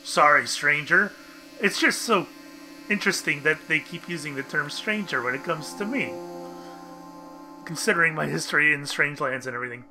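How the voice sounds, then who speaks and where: Man putting on a deep gravelly hairy creature. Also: expressive, moderate pace, over music, poor audio. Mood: weary. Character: hairy male bridge creature, gruff, parched, wheedling.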